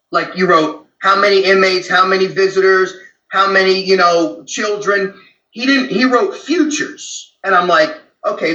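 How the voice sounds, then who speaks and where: A man in a candid interview, a former prison guard recounting his experiences in a blunt, animated, profane way. His voice is high and very bright, ringing out in an echoey room. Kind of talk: candid conversational storytelling.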